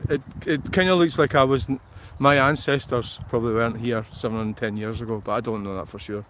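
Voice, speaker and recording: A middle-aged Scottish man talks bluntly into a phone or camera out in an open field. He rambles, swears freely and laughs often, with his voice sitting at an ordinary pitch for a man. A faint hiss of outdoor noise runs behind him. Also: fairly even intonation, a little fast. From Scotland. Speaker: vlogger. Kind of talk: rambling livestream chat.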